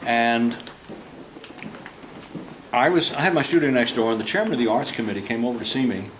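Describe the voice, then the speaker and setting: An older portrait painter shows a group around a club room and tells them a long, comic, rambling story, doing the voices of those he quotes. His mid-range voice has lively intonation and a slightly fast pace. The recording is low quality, with slight background noise.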